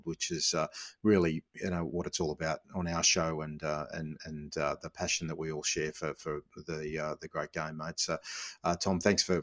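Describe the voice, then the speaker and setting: A man hosting a podcast, chatty and relaxed, with many fillers. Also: sits low. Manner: chatty, laughs easily, filler-heavy. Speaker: podcast host. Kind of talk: casual chat and read ad.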